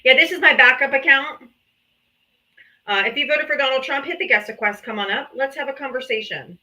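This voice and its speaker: A woman's voice: sits high, fairly quick, pushed and bright, rough recording. A woman hosting a political livestream, combative and taunting, calling out viewers to come up and talk. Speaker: livestream host.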